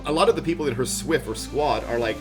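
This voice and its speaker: On a live game stream, a man with a medium-pitched voice talks at a quick pace, chatting casually, rambling upbeat, and laughing often. He uses a headset, and loud background music plays.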